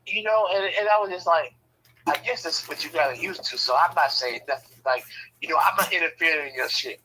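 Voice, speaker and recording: A man's voice: a little high, fairly quick, sharp tone, a little hiss or hum, poor audio. A man casually telling stories about his family, swearing freely and acting out the voices of the people in them. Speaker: storyteller. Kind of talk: casual storytelling.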